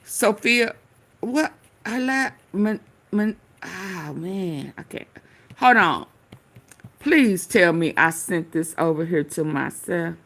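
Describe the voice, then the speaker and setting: A woman hosts a casual commentary channel, rambling directly to viewers and cursing while she searches for clips to react to. Her voice sits fairly low with a fairly bright tone, and she speaks slowly but animatedly.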